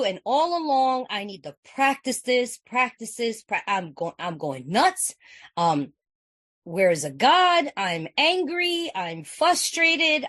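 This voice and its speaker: A woman's voice: sits high, no room sound. A woman from California giving an earnest, conversational personal share at a recovery meeting, repeating phrases and often asking "you know what I'm saying".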